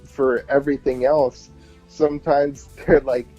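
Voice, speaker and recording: A man's voice: mid-range voice, level tone, unhurried, warm tone, soft background music. An American man with a slight New York-tinged accent, a musician guest chatting casually and playfully in an interview over slightly muffled audio. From Connecticut, USA. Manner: chatty, laughing, playful impressions.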